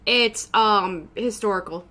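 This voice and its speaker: A woman's voice: mid-range voice, slow pace, sharp tone. A woman streamer chatting casually to her live audience, loose and sweary, often laughing.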